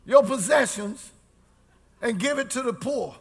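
Male preacher with a bright, tense, gravelly voice, delivering a rousing call-and-response sermon. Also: extremely high pitch. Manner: call-and-response preaching, shouting key lines, drawn-out words.

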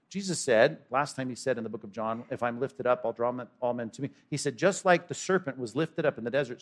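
Questions for the congregation punctuate this man's lively sermon, which shifts from loud outbursts to soft asides. He is a pastor with a mid-range voice.

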